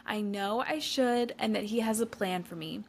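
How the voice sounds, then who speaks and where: A woman's voice: medium pitch, moderate pace, creaky, slight background noise. A young woman who hosts a faith podcast, gushing and enthusiastic as she praises her guest and introduces segments. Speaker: podcast host. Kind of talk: casual faith podcast chat.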